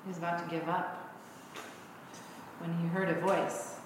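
A woman minister preaching a sermon, telling a story and teaching in an unhurried way. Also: fairly low pitch, little pitch movement, a little hiss or hum. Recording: echoey hall.

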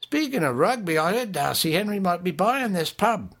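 A man with an Australian accent voicing rowdy working men bantering in a pub, in a raised, loud manner. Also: sits high, very animated, moderate pace, pitched above the performer's own voice, exaggerated voice.

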